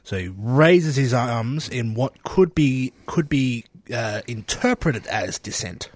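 A husky-voiced man co-hosting a casual sports talk. He thinks out loud, echoing questions before answering. The recording is close and dry, with no room sound. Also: medium pitch, expressive, slow pace. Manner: thoughtful, restates questions aloud. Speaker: co-host.

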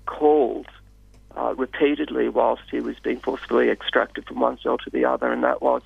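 A man speaking as a radio guest in a measured, hesitant way with many fillers. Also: mid-range voice, little pitch movement, creaky, husky, no room sound. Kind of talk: radio interview. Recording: dull lo-fi radio sound, dry.

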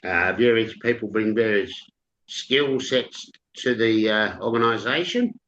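A man's voice: on the low side, lively intonation, measured pace, fairly bright tone, echoey room, lo-fi sound, a little hiss or hum. A man being interviewed, talking in a hesitant way with many restarts and fillers. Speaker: author and interview guest. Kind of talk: interview chat and reading from his novel.

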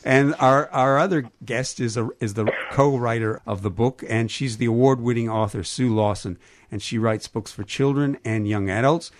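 A man with a Canadian accent, hosting a radio interview from a studio, who often stumbles and restarts. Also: mid-range voice. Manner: halting, stumbles over names. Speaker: radio host.

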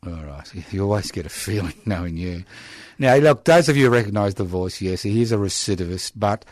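Aussie guy in his 60s, radio host, low voice, dry studio sound, wry and teasing. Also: animated, fairly quick, darkish tone, dry recording. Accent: Australian. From Australia. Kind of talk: casual community radio chat.

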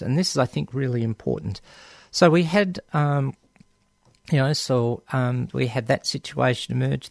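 Australian male community radio host, casual and halting with lots of ums, gravelly tone at an average pitch. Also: darkish tone, no room sound, clean studio sound. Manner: hesitant, many ums and restarts.

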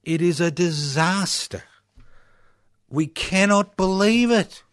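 A man's voice: high-pitched, takes it slowly, smooth, no echo, studio quality, pitched above the performer's own voice. Man mocking a whining rich Australian pundit. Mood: mock dismay. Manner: mock-dismayed, theatrical. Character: whining, self-pitying wealthy male pundit.

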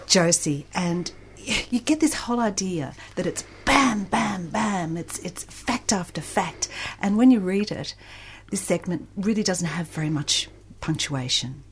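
A woman's voice: on the low side, a little hiss or hum. Chatty woman radio host. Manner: animated, chatty, bursts of emphasis. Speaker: radio book show host. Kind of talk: radio interview.

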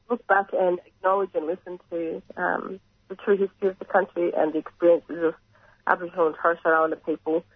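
An Australian man with a croaky voice, earnestly explaining his organisation's work in a radio interview, pausing often and clearing his throat. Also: high-pitched, no echo. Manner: earnest, measured, frequent pauses and throat clearing. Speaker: reconciliation organisation representative. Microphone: phone line. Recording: tinny phone line, dry.

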